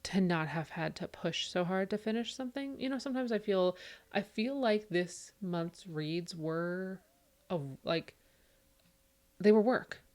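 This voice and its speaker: A woman in her thirties chatting on a podcast, telling animated stories and acting out her kids' voices. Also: mid-range voice, measured pace. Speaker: podcast co-host. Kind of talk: casual chat.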